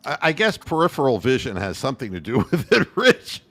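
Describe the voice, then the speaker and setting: A man's voice: medium pitch, wildly swooping pitch, fairly quick. A man co-hosting a postgame sports show, rambling and joking crudely about his team's loss. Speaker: co-host. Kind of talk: casual sports banter.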